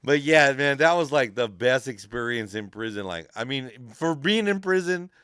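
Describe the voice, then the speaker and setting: Male podcast host, casual storyteller, lots of swearing, crisp tone. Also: medium pitch, moderate pace, no room sound, clean studio sound. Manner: profane, rambling, animated storyteller.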